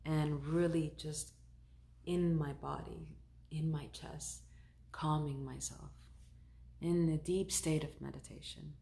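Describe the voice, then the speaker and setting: A woman who works as a shaman, recounting a personal story in a conversational, animated way. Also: low-pitched, slow, creaky, long pauses.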